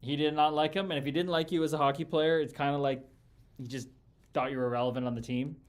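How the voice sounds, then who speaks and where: A man with a higher-pitched voice talks quickly and fairly evenly as he hosts a casual livestream chat with viewers. He's a podcast host and former pro hockey player, and he tells rambling, profane stories about his playing days, full of fillers and restarts.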